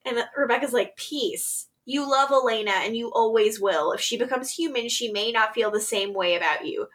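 Animated woman recapping with laughs. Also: on the high side, brisk. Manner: animated, laughs often, acts out quotes. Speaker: podcast co-host. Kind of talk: casual recap chat.

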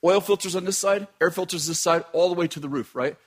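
A man telling a dramatic personal story with laughter and bursts of shouting. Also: high voice, quick pace.

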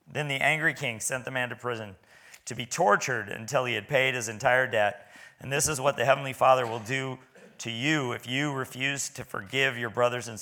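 Guy preaching in church, bright forceful voice, chatty and folksy, trips over his words. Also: medium pitch. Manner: conversational, folksy, stammering restarts. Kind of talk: sermon.

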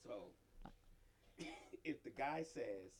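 A man's voice: mid-range voice, expressive, very slow, slight background noise. A man in casual podcast banter, asking teasing, provocative questions.

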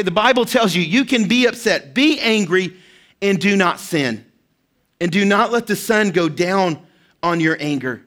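A man with a notably high speaking voice delivers a sermon in a relaxed, conversational manner. He tells personal stories and keeps checking in with his listeners. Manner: conversational, personal storytelling with frequent "right?" asides. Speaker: pastor.

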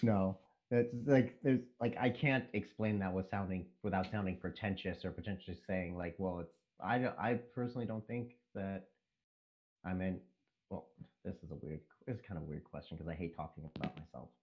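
Male guest, lower voice, rambling, sweary, self-conscious. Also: a little fast, lo-fi sound. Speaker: guest writer. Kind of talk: casual podcast interview.

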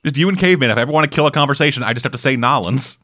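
A man co-hosting a podcast, telling a story in casual, profane, animated chat. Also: mid-range voice, rapid-fire. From Canada. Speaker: podcast co-host.

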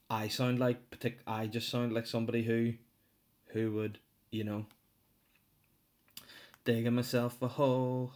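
Male podcast host, low-ish voice, loose self-mocking delivery. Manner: rambling, jokey, self-mocking, many restarts. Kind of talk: casual solo podcast chat.

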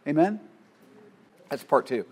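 A man preaches with fervor, surging loud and dropping to near-murmurs. His voice sits high for a man. He often restarts mid-phrase as he presses on. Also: lively intonation, a little slow, breathy edge. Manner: fervent, rising and falling, with many restarts. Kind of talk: sermon.

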